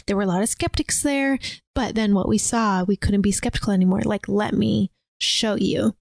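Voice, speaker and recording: A gushing, excitable middle-aged woman in grief, bright and eager, as a podcaster quotes her lightly. The voice is close and dry. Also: medium pitch, normal speed, vocal fry, no room sound. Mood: excited.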